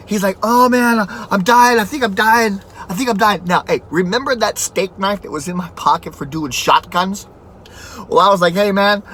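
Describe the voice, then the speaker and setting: A man's voice: on the high side, pushed and bright, a little hiss or hum. Rambling, profane male storyteller. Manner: rambling, profane, laid-back. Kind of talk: casual spoken anecdote.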